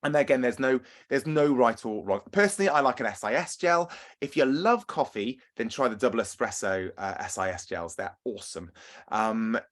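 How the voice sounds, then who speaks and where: A man's voice: mid-range voice, lively intonation, normal speed, a bit bright. A man speaking as a running coach in a webinar, chatty and self-deprecating, often restarting and repeating words, heard over a video call. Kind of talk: webinar talk.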